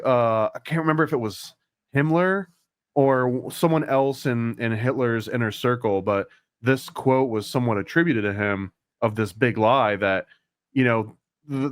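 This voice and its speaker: A man co-hosting a podcast, casually retelling and analyzing an old cartoon, rambling with quick asides. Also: medium pitch, no room sound, clean studio sound. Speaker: podcast co-host. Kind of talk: casual discussion.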